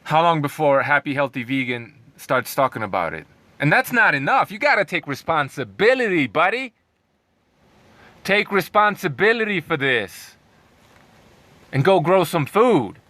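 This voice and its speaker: A man's voice: a little high, animated, moderate pace, bright, forceful tone, dry recording. A man ranting in a sarcastic, heated way, reading out news lines and mocking them with scornful laughs. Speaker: commentary vlogger.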